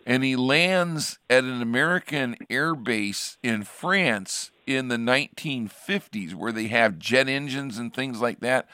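A man's voice: medium pitch, a little slow, few pauses, bright, forceful tone, smooth, dry recording, clean studio sound. A man hosting a radio program as a pastor, chatting casually and rambling with frequent restarts. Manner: rambling, restarts sentences often. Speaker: radio show host, pastor.

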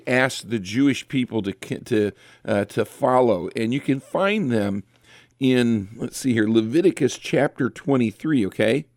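A man hosting a late-night radio call-in show as a pastor, talking in a relaxed, chatty way with many fillers and restarts. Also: mid-range voice, unhurried, no room sound.

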